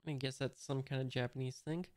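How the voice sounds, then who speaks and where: A man's voice: mid-range voice, fairly even intonation, fairly quick, darkish tone, dry recording, clean studio sound. A man casually reading a comic aloud, hesitantly describing each panel as he figures it out. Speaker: host reading a manga aloud. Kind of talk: casual read-along commentary.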